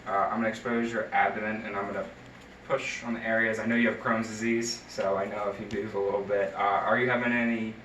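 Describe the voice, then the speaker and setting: Guy talking thru a patient exam, lots of ums, kinda low voice, roomy room and faint hiss. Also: flat delivery, fast talker, a bit bright. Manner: talks through each step, with many fillers and restarts. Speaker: nursing student. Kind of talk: narrated clinical skills demonstration. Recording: roomy sound from a distant mic.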